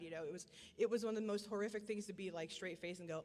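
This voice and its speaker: A middle-aged woman giving a personal testimony as a parent, earnest and repetitive, often halting and restarting her sentences. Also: on the low side, steady tone, a little mellow. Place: church hall. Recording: long church hall reverb.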